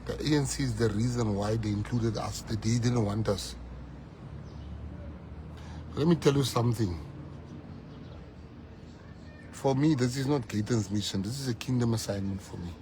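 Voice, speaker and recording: South African male politician, fiery rally speaker, loud peaks, slight background hiss. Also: medium pitch, moderate pace. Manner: fiery, switching between English and Afrikaans, shouting at peaks. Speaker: political leader. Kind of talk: rally speech.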